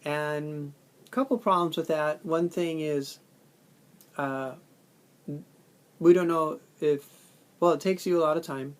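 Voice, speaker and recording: A man's voice: a little high, slow, pauses often. A man talking through a textbook chapter on classroom feedback, informal and thinking aloud with many fillers and restarts, sometimes acting out student and teacher lines. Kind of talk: casual lecture recording.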